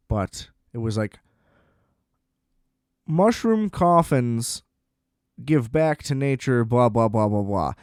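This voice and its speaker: A man hosts a solo podcast and rants in an exasperated, profane way. He acts out sarcastic exchanges as he talks. His voice sits at a middle pitch, and the recording is dry and close, with no room sound. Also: a little mellow, clean tone, dry recording. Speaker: podcast host. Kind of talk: solo ranting monologue.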